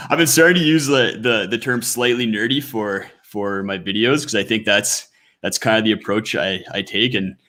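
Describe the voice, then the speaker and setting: A nerdy, detail-loving man from Canada, a guest on a podcast who keeps restarting his sentences. His voice is low and bright with a forceful edge. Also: moderate pace. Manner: self-described nerdy, detail-focused, stammers on restarts. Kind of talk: casual interview chat.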